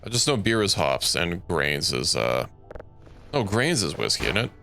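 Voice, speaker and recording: Deep gravelly man rambling over gameplay. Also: sing-song, normal speed, pushed and bright, faint music behind. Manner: rambling, thinks aloud with self-corrections. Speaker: streamer. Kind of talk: casual gameplay commentary.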